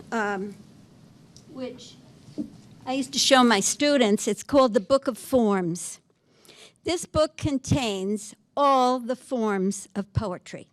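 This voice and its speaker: A woman giving a poetry lecture in a library, reading verses slowly and then explaining them in a chatty way. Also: on the high side, slight background noise. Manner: reads verse slowly, then chats about it.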